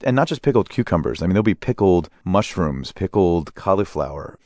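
A man as an interview guest, telling relaxed anecdotes about his travels and laughing as he goes. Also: sits low, brisk, dry recording, clean studio sound. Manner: relaxed anecdotal storyteller, laughs mid-sentence. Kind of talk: conversational storytelling.

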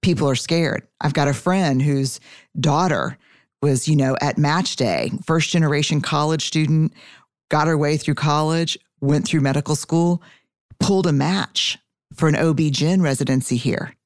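A woman from Texas hosting an interview podcast, speaking in an earnest, emotional, halting way. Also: sits low, no room sound, clean studio sound. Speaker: podcast host. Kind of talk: conversational interview.

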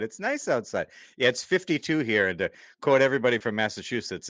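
A man hosting a casual hockey podcast, animated and jokey, often laughing as he talks. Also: mid-range voice, brisk, few pauses, no room sound, clean studio sound. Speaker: podcast host. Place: Massachusetts.

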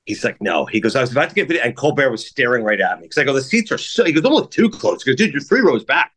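A middle-aged man hosting a podcast, telling casual stories at a rapid clip and acting out what people said. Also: medium pitch, husky. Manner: rapid, animated anecdotes with acted-out quotes. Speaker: podcast host. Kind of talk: casual storytelling chat.

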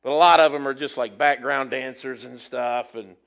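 A man's voice: medium pitch, fairly even intonation, moderate pace, gravelly, a bit bright. A man preaching a casual sermon, folksy and conversational, with playful asides. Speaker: preacher teaching from the Bible.

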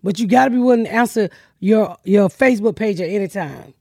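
A woman's voice: mid-range voice, a little fast, dark tone, dry recording, studio quality. A woman podcast host telling brash, profane stories in casual comedic chat, acting out the people she quotes.

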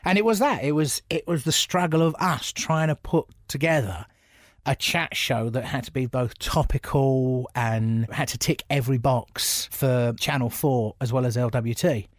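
Chatty comedian, dry sound. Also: male voice, mid-range voice, moderate pace, no room sound. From England. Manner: animated storyteller, laughs often. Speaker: comedian guest. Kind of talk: casual anecdotal chat.

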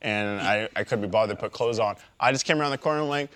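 A man co-hosting a casual group chat podcast, telling animated stories and swooping into high squeaky voices when quoting people. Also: quick pace. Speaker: podcast co-host.

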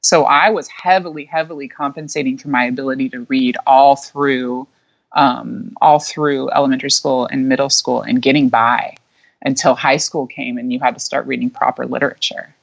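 A woman's voice: very deep voice, steady tone, normal speed, creaky. A young adult woman, a guest, telling her story in a casual, chatty way with frequent laughs and fillers. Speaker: guest, micro school founder. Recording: dull lo-fi sound.

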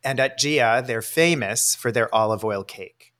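A man with a medium-pitched voice chats on a podcast with easy enthusiasm. He sets up his questions with long, friendly preambles. The tone is relaxed, casual conversation. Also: unhurried. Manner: chatty, enthusiastic, asks leading questions. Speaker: podcast co-host. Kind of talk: casual chat.

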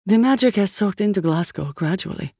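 Woman reading a composed, scholarly sorceress; measured and calm, dry close mic. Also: mid-range voice, breathy edge, no room sound.

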